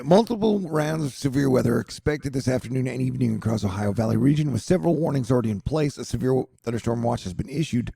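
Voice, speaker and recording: Gravelly man joking through weather news. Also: medium pitch, mellow, no room sound, studio quality. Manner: joking, rambling, playful asides. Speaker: host. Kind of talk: casual weather news commentary.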